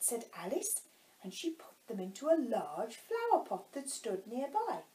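A woman teacher reads a children's storybook aloud at an unhurried pace, her pitch rising and falling with lively expression. She stops now and then to explain a word, and her voice carries an echo from the room. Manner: slow, explains words to children. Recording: echoey room.

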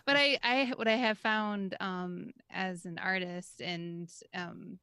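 A religious sister co-hosting a podcast, chatting with lots of fillers and frequent laughter. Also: female voice, on the low side, slow pace, clean tone, no echo. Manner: animated, laughs often, many fillers. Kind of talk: casual chat.

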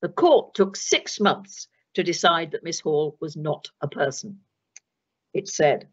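Husky older woman lecturing. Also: low voice. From England. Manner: measured, precise, with dry wit. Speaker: retired senior judge giving a lecture. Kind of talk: formal lecture. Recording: dull lo-fi recording.

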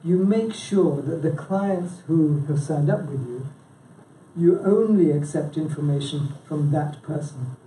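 A mellow, fairly high-pitched man speaks a little slowly while chairing a local branch, keeping his presentation informal and quizzing those present. He rambles, restarts, and leans on "yeah?" and "you know". The mic is distant, the meeting room echoes, there's a live audience and slight background noise.

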